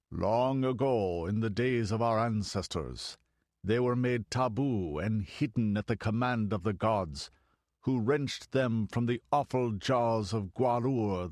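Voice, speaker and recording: A man voicing a fanatical male high priest who proclaims slowly in an exalted voice. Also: a little mellow, dry recording, clean studio sound.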